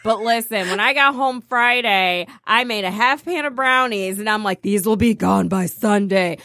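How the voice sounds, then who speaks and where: A woman co-hosting a podcast, telling stories in casual chat, animated and quick to laugh. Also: medium pitch, no echo, studio quality. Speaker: podcast co-host.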